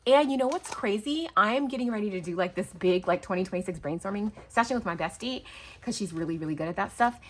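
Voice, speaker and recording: A woman in her thirties chatting casually as she opens craft mail at home, gushing and excitable with lots of fillers and gasps. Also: mid-range voice, quick pace. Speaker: crafting channel host. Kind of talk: casual unboxing chat. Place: home, near garage.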